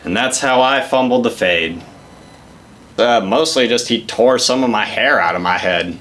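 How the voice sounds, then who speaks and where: Young guy rambling through a sweary story, bright punchy voice. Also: mid-range voice, normal speed. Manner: profane, rambling, with restarts. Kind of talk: casual comedic storytelling.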